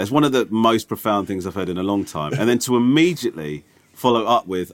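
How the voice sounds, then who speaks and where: A man's voice: fairly low pitch, lively intonation, brisk. A man co-hosting a podcast, chatting casually with enthusiastic, sweary praise. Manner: sweary, enthusiastic, hesitant fillers. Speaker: podcast co-host. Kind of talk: casual chat.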